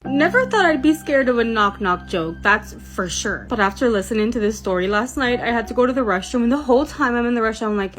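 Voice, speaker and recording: A woman casually retelling a creepy story, chatty and animated, acting out the dialogue. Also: fairly high pitch, a little fast, hardly any pauses, faint music behind.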